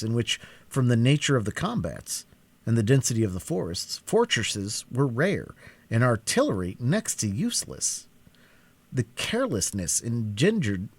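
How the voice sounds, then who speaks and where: Expressive male audiobook narrator. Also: medium pitch, no echo. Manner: dramatic, expressive reading. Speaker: audiobook reader. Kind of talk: live cold-read audiobook narration.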